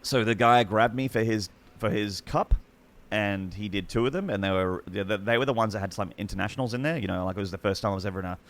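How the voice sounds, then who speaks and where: Aussie male guest, husky-gravelly low voice, chatty, excitable storyteller. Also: fast talker, few pauses. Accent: Australian. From Australia. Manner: rambling, excitable anecdotes with many restarts. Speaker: podcast guest, esports commentator. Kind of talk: casual storytelling chat.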